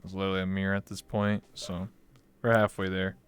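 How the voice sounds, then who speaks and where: A man's voice: deep voice, little pitch movement, fairly quick, clear, resonant tone. A man hosting a casual streamed talk show, joking and self-deprecating with his guest. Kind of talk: casual chat on a live stream.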